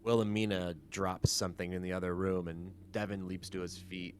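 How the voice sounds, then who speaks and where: Deep-voiced man narrating a tabletop game. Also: little pitch movement, fairly quick, a little hiss or hum. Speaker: game master.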